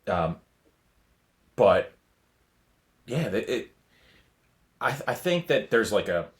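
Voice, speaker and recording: A man co-hosting a podcast, chatting casually and telling a halting, rambling story full of restarts. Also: on the low side, big pitch swings. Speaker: podcast co-host. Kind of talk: casual chat.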